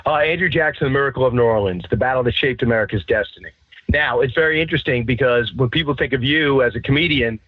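A man who is a guest author, talking quickly and chattily in an interview over a phone line. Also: mid-range voice, breathy edge, no echo. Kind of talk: interview talk.

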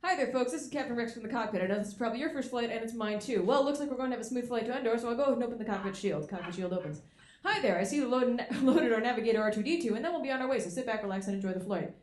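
A woman voicing a bumbling, cheerful male starship pilot with excitable, flustered exclamations, recorded live in a roomy space. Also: on the high side, racing, lightly acted. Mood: chipper. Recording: roomy live room sound.

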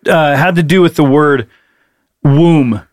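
Man, podcast co-host, casual comedic chat, playful and profane, high voice, dry close mic. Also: slow, dry recording.

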